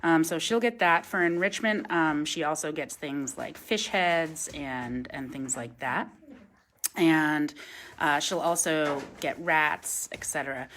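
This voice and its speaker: A woman with a somewhat low voice leads a live-streamed feeding demonstration at a wildlife center. She slips into coaxing, sing-song talk with the birds between calm explanations. Now and then she reads out and thanks viewer comments, filmed on a phone camera. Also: slow pace, slight background noise.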